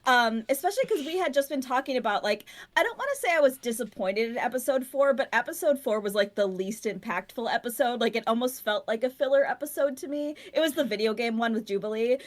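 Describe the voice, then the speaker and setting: Woman, podcast co-host, casual chat, animated, profane, slightly high pitch. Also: quick pace, hardly any pauses. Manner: animated and profane, often laughing.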